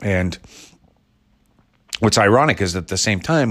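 A man's voice: fairly low pitch, lively intonation, a little slow, a bit bright. A man from Ireland hosting a podcast, musing alone in a rambling, playful way with wry asides. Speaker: podcast host. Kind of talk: solo musing monologue.

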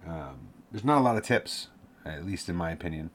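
A man's voice: low-pitched, animated, normal speed, a little hiss or hum. A man giving casual career advice, rambling and correcting himself, sometimes laughing at his own tangents.

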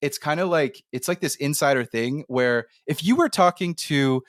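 Animated Canadian man hosting a podcast. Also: fairly high pitch, moderate pace, no room sound, clean studio sound. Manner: animated, storytelling, slips into playful impressions. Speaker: podcast host. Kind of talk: casual conversational interview.

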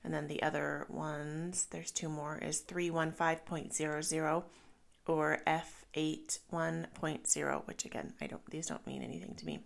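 Low, gravelly-voiced mother talking candidly. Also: steady tone, normal speed, few pauses. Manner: candid, reflective, storytelling. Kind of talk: personal vlog monologue.

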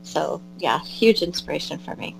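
Her voice sits low and is expressive, with vocal fry, at a moderate pace, and there's slight background noise on a rough recording. As a guest in a casual interview, this American pilgrim and albergue volunteer chats warmly and drifts, restarting and using fillers often.

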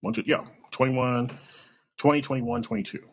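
A man's voice: medium pitch, sing-song, moderate pace, creaky, breathy edge. A middle-aged man hosting a podcast, talking casually in a blunt, profane storytelling way. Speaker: podcast host. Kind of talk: casual monologue. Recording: dull lo-fi recording.

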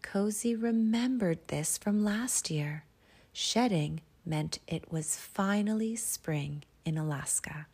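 A woman reading a children's storybook aloud in a soft, hushed voice that often drops to a whisper. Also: mid-range voice, slow, slightly rough.

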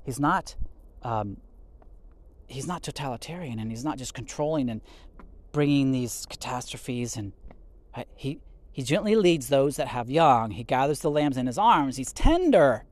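A man hosting a podcast, giving an informal Bible teaching. He rambles with frequent restarts, reads scripture aloud, and lets his phrases trail off softly. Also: mid-range voice, animated, unhurried.

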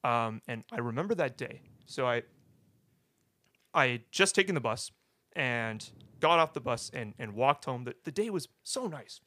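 Bright-voiced young man telling his story. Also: medium pitch, expressive, no room sound. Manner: halting, restarts, tags "right?" often. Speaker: guest sharing testimony. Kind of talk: casual personal storytelling.

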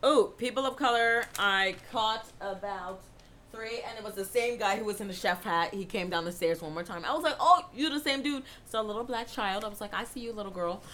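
A young woman co-hosting a casual chat, animated and swearing freely, with big exclaiming reactions. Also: medium pitch, a little fast, slight background noise. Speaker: podcast co-host.

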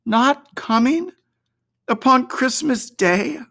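A reader voicing a cheerful, gentle poor father who speaks tenderly about his family, in an audiobook. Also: animated, takes it slowly. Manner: gentle, tender, lifted pitch.

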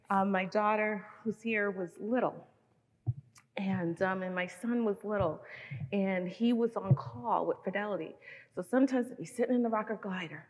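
Woman in her fifties preaching in a reverberant hall. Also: mid-range voice. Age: 50s. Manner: storytelling, animated, relatable asides to mothers. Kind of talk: conversational sermon.

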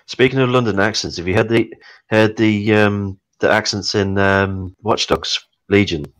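Low, hesitant man telling jokey stories. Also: steady tone, moderate pace, a bit bright. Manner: hesitant, jokey storyteller with many fillers. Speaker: podcast co-host. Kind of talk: casual gaming chat.

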